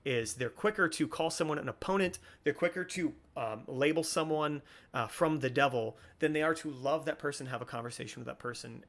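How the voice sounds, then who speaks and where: A man's voice: a little high, creaky, a bit bright. Earnest, rambling young man. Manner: earnest, preachy, rambling with many restarts. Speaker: podcast host. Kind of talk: casual commentary.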